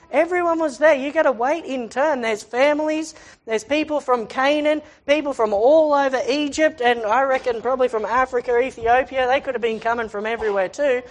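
A woman who teaches the Bible in a chatty way, asking rhetorical questions and reading scripture aloud. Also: a little high.

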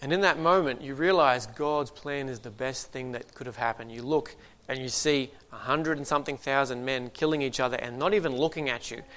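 A man's voice: medium pitch, fairly quick, few pauses, fairly bright tone. A man preaching a sermon in a conversational way, reading scripture and adding joking asides.

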